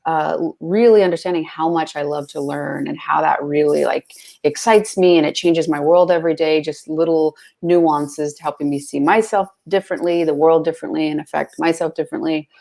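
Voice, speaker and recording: A woman's voice: deep voice, steady tone, a little fast, vocal fry, mellow. A woman guest in casual conversation, talking freely and chattily with lots of fillers. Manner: chatty, full of fillers like "like" and "you know".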